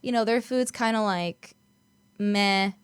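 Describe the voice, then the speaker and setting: Smooth-voiced chatty woman, dry sound. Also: mid-range voice, takes it slowly, no room sound. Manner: chatty, lots of "like" fillers. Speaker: podcast co-host. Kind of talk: casual chat.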